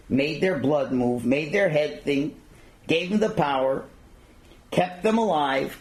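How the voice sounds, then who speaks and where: A man's voice: mid-range voice, creaky, a little mellow. A man teaching a religious class in the emphatic, preacher-like style of a rabbi, and using rhetorical questions. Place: synagogue hall. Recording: echoey hall recording.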